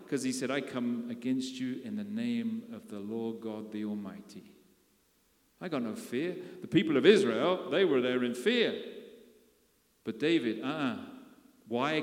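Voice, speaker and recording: A man preaching a sermon, animated, putting questions to the congregation and making jokey asides. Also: on the high side. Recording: echoey hall.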